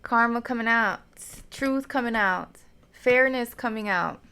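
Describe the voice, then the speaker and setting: Chatty woman with a gravelly voice. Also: on the high side, measured pace, pushed and bright. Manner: chatty, laughs often, emotional, addresses viewers as y'all. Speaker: tarot reader. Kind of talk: casual tarot reading to viewers.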